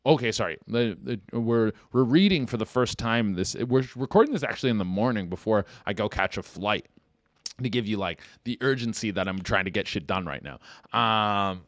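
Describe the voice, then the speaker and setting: A man hosting a podcast in casual, rambling talk, full of swearing and fillers, getting animated when excited. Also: lowish voice, moderate pace, no echo. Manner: rambling, profane, lots of "like" and "dude". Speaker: podcast host.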